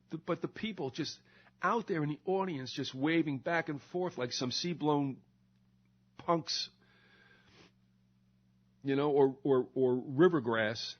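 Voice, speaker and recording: An older American man hosting a show, ranting sarcastically and mocking politicians in put-on voices. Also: on the high side. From United States. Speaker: radio show host. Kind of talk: ranting monologue. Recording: slightly dull lo-fi recording.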